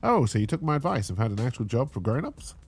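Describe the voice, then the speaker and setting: A man's voice: medium pitch, sing-song, quick pace, slight background noise. A man voicing a smug male deer bookie with antlers, dry and sarcastic, in a game.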